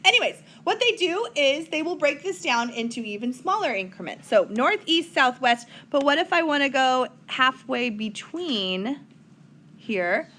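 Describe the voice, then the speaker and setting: A woman's voice: sits high, animated, measured pace, pushed and bright, a little hiss or hum. A woman teaching a recorded whiteboard math lesson, chatty, with playful asides to her students.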